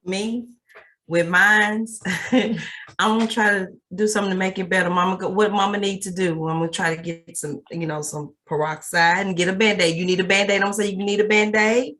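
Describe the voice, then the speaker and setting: A woman's voice: mid-range voice, steady tone, a little fast, a bit bright. Laughing woman joining a casual chat. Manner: laughs often while answering. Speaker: participant.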